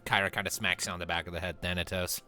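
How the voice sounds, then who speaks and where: Relaxed game master narrating a scene. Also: male voice, low-pitched, very fast, soft background music. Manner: relaxed, descriptive, with fillers.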